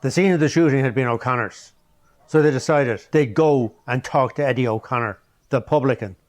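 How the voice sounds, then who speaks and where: Man narrating a local history. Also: medium pitch. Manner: measured, phrase-by-phrase telling. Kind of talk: documentary storytelling narration.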